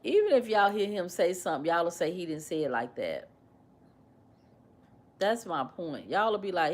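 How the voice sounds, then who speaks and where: A woman hosting a casual livestream, animated and repetitive as she questions and mimics her commenters. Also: fairly low pitch, normal speed, pauses often. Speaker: livestream host.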